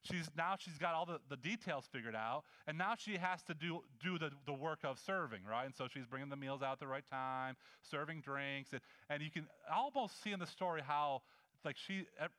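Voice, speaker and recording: A man preaching a sermon in a conversational, animated way, acting out the scenes he describes. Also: a little high, normal speed. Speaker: pastor.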